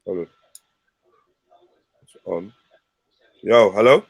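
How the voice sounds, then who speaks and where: A young man with a South London accent hosting a casual livestream panel over a headset, bantering loudly and swearing freely. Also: low-pitched, takes it slowly, gravelly, no echo. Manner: loud, animated banter, swearing.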